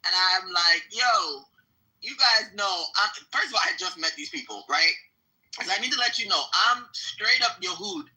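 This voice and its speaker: A woman telling a story in a casual voice chat, excitable and slangy, acting out what people said. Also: medium pitch, rough recording. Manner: excitable, slangy, acts out quotes.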